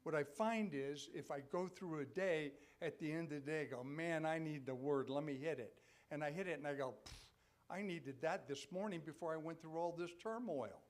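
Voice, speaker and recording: An older male pastor preaching live in a church, with a voice pitched a little higher than most men's. He talks to the congregation like a conversation, tossing in "okay?" again and again. He builds to loud, emphatic peaks. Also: normal speed. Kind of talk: sermon. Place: church sanctuary.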